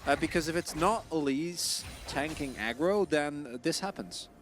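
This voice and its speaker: A man's voice: a little high, expressive. A man giving casual, analytical color commentary on an esports match, with game music underneath. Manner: analytical, casual, quick to explain. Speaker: esports caster.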